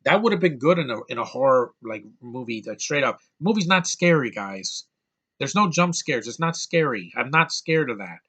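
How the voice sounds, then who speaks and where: A man's voice: medium pitch, lively intonation, moderate pace, bright, forceful tone, slightly rough. A man giving a ranting film review, exasperated and profane, often stumbling and restarting his sentences. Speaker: movie reviewer.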